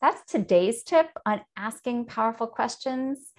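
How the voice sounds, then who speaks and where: A woman's voice: on the high side, expressive, a little slow. A woman hosting a show, explaining a tip to camera in an earnest, instructive way. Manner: earnest, explanatory, demonstrates tones of voice. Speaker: host.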